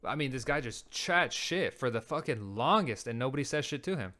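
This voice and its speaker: A man hosting a show reacts to clips with animated energy, his medium-pitched voice pushed and bright. His casual commentary turns into fast, heated ranting loaded with profanity.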